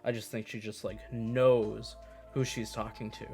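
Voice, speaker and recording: A man's voice: lowish voice, level tone, unhurried, creaky, a little mellow, faint music behind. A man co-hosting a podcast, talking casually and hesitantly about a book. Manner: hesitant, many fillers and restarts. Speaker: podcast co-host.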